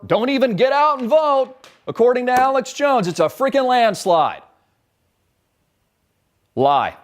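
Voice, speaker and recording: A fired-up man ranting on his live commentary show, his voice sitting high and leaping all over the place. He talks bluntly and swears without holding back. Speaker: show host.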